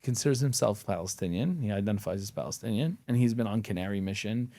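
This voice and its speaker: Blunt, gravelly-voiced man. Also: lowish voice, quick pace, mellow. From Syria. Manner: blunt, profane storytelling. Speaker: podcast guest, attorney. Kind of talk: casual interview conversation.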